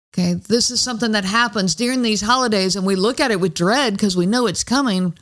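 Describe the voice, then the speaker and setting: A woman hosting a solo podcast, talking straight to her listeners in a relaxed, conversational way. Her voice sits at a middle pitch for a woman. She has a wry, knowing edge and drops into a lower voice when she quotes other people. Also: a little fast, few pauses. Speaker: podcast host.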